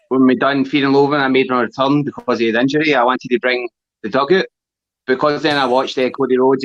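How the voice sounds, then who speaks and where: Blunt sweary Scottish man, dull lo-fi sound. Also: medium pitch. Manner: blunt, sweary, laughs a lot. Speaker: wrestler guest. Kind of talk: casual chat.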